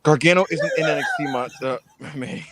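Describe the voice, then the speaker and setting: A man's voice: on the high side, huge pitch swings, unhurried, fairly bright tone, slight background noise. A man co-hosting a podcast, chatting animatedly, laughing and mimicking people in silly voices. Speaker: podcast co-host. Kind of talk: casual chat.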